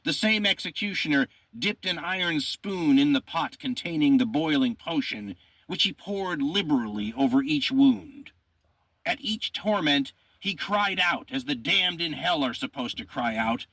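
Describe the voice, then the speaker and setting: A man with a slightly husky voice narrates history, reading old eyewitness accounts with dramatic emphasis. His pitch rises when he quotes and drops low for his own remarks. The sound is dry and close. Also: lively intonation, unhurried, a bit bright, dry recording. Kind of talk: reading sources aloud with commentary.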